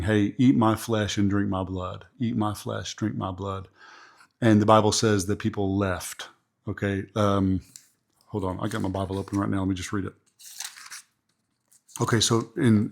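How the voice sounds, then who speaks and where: A man, a pastor and podcast host giving a motivational leadership talk in a chatty, preachy way, repeating phrases for emphasis. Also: lowish voice.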